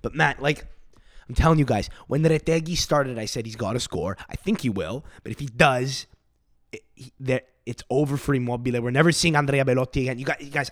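A man's voice: medium pitch, fairly quick, no echo, studio quality. A man hosting a podcast, ranting in a rambling, profane, emphatic way, sick with a cough. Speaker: podcast host. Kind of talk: solo podcast rant.

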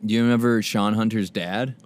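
A man's voice: fairly low pitch, fairly even intonation, fairly quick. A man hosting a casual comedy podcast, joking around and laughing often. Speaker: podcast host.

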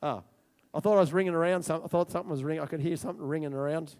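A man preaching a sermon in a loud, excitable and emphatic way. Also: a little high, racing.

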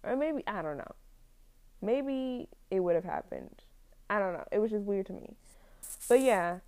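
Young woman, casual plot recap, rambling, filler-heavy, mellow dark tone. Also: mid-range voice, sing-song, measured pace.

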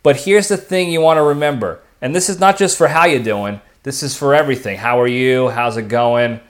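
A man's voice: fairly high pitch, brisk. A man hosting his own podcast, talking casually on his own and often checking in with "okay" and "all right.". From lives in Texas. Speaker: podcast host. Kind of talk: casual solo monologue.

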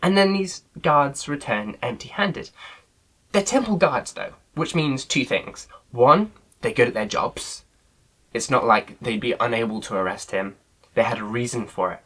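A man's voice: mid-range voice, measured pace, fairly bright tone, rough recording. A man leading an online Bible study in a casual teaching style, earnest and loosely phrased with frequent filler sounds.

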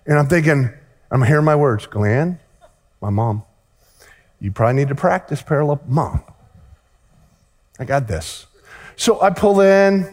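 A man preaching a sermon, telling a story and acting out the dialogue in lively fashion. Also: a little high. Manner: animated, acts out dialogue in the story. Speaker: pastor. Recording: long hall reverb.

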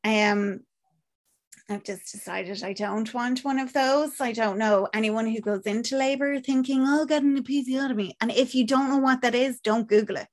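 A woman's voice: fairly high pitch, normal speed. A woman with an Irish accent chatting casually as a podcast co-host, rambling with lots of fillers and acted-out quotes. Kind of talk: casual chat recapping a film.

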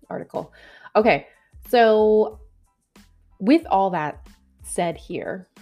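A woman from Canada talks through a news story for her vlog, reading passages aloud and then breaking off into chatty, reactive commentary. Her voice sits a little low, and she laughs at her own slip-ups with names. Soft music plays faintly behind her. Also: gravelly. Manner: chatty and reactive, stumbling over names with self-deprecating asides. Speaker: commentary vlogger.

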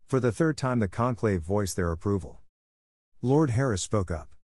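A man narrating a fantasy audiobook in an even, measured reading. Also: lowish voice, dry recording, studio quality.

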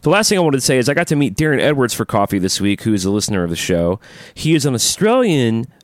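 A man co-hosts a podcast with an animated, swinging delivery. He is enthusiastic and jokes often. The sound is close and dry. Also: mid-range voice, fast, no room sound. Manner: lively, enthusiastic, jokey. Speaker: podcast co-host. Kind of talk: casual podcast chat.

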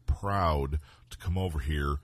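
A man's voice: extremely low pitch, takes it slowly, no echo. A man co-hosting a podcast, chatting casually, agreeable with blunt asides. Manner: agreeable, short interjections, blunt remarks. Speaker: podcast co-host. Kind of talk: casual political chat.

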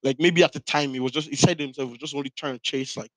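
A young man from Ireland co-hosting a casual podcast chat, with loose slangy banter and quick laughs. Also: medium pitch, steady tone, fairly bright tone, dry recording, poor audio. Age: young adult. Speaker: podcast co-host.

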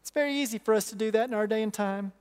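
A pastor preaching a sermon, emphatic, repeating key phrases and asking rhetorical questions. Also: male voice, high-pitched, racing, clean tone. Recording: long reverb of a large hall.

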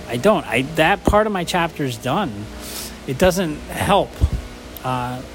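A man's voice: mid-range voice, a bit bright, slight background noise. A man co-hosting a casual podcast about sobriety, speaking in an earnest, grateful way with frequent restarts. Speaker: podcast co-host. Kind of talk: casual recovery podcast chat.

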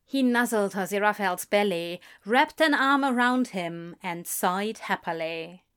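A woman reading a story aloud, narrating in an unhurried, expressive way. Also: medium pitch, clean tone. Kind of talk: reading fan fiction aloud.

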